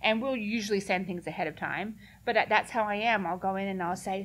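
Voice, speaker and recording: A woman's voice: mid-range voice, a little fast, fairly bright tone. A woman speaking earnestly and directly in a casual question-and-answer session, laughing now and then. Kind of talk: casual Q&A talk.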